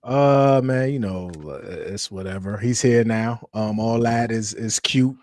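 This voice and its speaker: A man co-hosting a casual sports podcast over a video call, laid-back and measured in his takes. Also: mid-range voice, darkish tone, no echo, studio quality. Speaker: podcast co-host.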